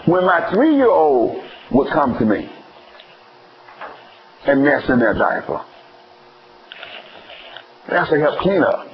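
A man delivers a sermon as pastor, his voice leaping high and dropping low as he questions the congregation. He acts out homespun scenes from family life to drive his points home. The recording is a touch dull and lo-fi. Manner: calls for answers from the congregation. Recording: slightly dull lo-fi church recording.

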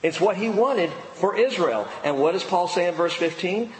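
A man's voice: sits high, lively intonation, moderate pace, few pauses, a little hiss or hum. A male pastor preaching a sermon in an emphatic style, fond of rhetorical questions. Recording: echoey hall, faint ambience.

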